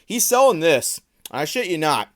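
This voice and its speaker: A man's voice: fairly high pitch, big pitch swings, moderate pace, fairly bright tone. Sarcastic man mocking card listings. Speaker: trading card commentator. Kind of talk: casual commentary vlog.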